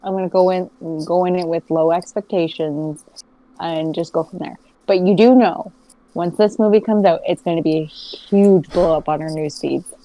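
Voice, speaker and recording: A woman co-hosting a casual movie podcast, relaxed and chatty. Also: lowish voice, normal speed, poor audio. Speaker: podcast co-host. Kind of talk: casual chat.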